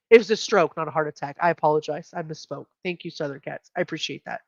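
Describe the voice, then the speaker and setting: A chatty American woman hosts a true crime livestream from home, mixing news reads with quick asides and laughs. Her mid-pitched voice comes through a slightly dull, dry mic with no room sound. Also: expressive, vocal fry, dry recording. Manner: chatty, laughs often, reads headlines aloud. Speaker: livestream host.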